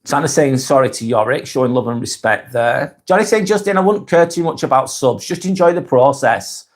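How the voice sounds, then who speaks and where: A man with a Lancashire accent hosts a casual live stream, reading comments and answering viewers by name. His voice sits at an ordinary middle pitch, and he talks in a plain, direct, conversational way. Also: expressive, fairly quick. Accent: Lancashire, Northwest England. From Northwest England.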